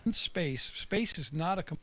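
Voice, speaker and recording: A man calling into a livestream debate, explaining his point calmly, step by step. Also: on the high side, a little slow, no room sound. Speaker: caller in a debate.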